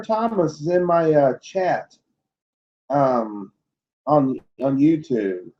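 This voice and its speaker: This cryptid livestream host has a fairly high, mellow voice, and the recording has its highs cut off. On his casual show he reads strange news items aloud, then chuckles through blunt, skeptical comments about them.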